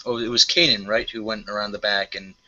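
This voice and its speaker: A man co-hosting a casual review chat, hesitant and full of pauses, heard over a muffled online call. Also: fairly low pitch, steady tone, pushed and bright. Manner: hesitant, with many "uh" and "um" and restarts. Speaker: show co-host.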